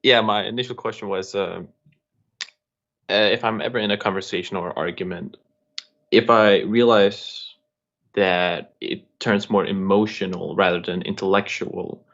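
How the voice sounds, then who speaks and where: Caller, male, lowish voice, hesitant and polite, muffled call audio. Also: steady tone, measured pace, gravelly, fairly bright tone. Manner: hesitant, polite, laughs shyly. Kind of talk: asking questions on a video call.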